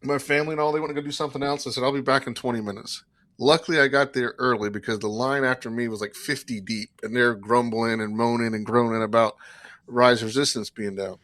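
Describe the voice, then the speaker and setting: A man from South Carolina spins a lively anecdote, jumping between his own lines and everyone else's as he acts out the scene. His voice sits at an ordinary middle pitch. The recording is close and dry, with no room sound around it. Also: quick pace, no room sound. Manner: animated storyteller acting out both sides of dialogue. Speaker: podcast co-host. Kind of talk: casual chat.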